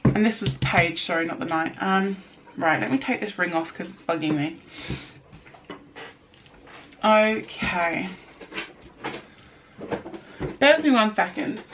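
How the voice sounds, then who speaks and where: A woman's voice: mid-range voice, normal speed, long pauses, fairly bright tone, slight background noise. A young woman from the United Kingdom giving a casual tarot reading, chatty and rambling, with lots of fillers and restarts. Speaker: tarot reader.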